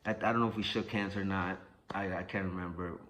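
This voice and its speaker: A young man casually telling a personal story, animated and profane, acting out what people said. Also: low-pitched, a little fast, heavy background noise. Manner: animated, profane, acts out quotes.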